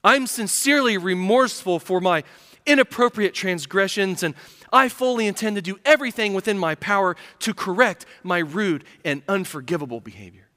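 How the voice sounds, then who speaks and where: A man's voice: sits high, animated, normal speed, bright, forceful tone, pitched above the performer's own voice. A man voicing a once rude parrot that now speaks in a formal, apologetic way. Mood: remorseful. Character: rude parrot turned suddenly polite. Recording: reverberant hall.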